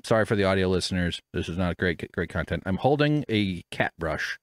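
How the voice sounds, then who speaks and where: A man with a fairly low voice rambles through his podcast from home, jumping up and down in pitch as he jokes at his own expense and swears. He sits close to the microphone in a dry, deadened room. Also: lively intonation, a little fast, dry recording. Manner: rambling, self-deprecating, swears freely. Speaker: podcast host. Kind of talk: casual rambling chat. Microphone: studio microphone with headphones.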